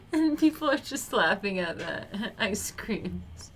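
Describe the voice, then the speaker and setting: Slow-talking woman laughing through crude jokes. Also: mid-range voice, a bit bright, a little hiss or hum. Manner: laughs often, crude and joking. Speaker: streamer. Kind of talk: casual reaction commentary.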